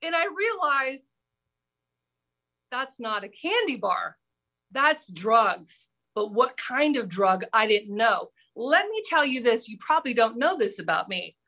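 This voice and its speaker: A middle-aged woman, a former TV news reporter, telling a personal story on a podcast with animated, dramatic delivery. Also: a little high. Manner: animated, breathless anecdote-telling with dramatic pauses. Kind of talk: casual storytelling.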